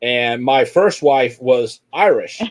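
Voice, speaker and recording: A middle-aged man hosting a casual podcast chat, telling stories in a profane, animated way. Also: mid-range voice, slow pace. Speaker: podcast host.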